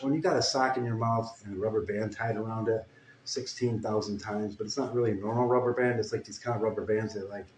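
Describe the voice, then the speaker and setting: A man telling a crude, meandering comic story with deadpan asides. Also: fairly low pitch. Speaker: comedic storyteller. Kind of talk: rambling improvised comic story. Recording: echoey room with faint ambient noise. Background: guitar playing.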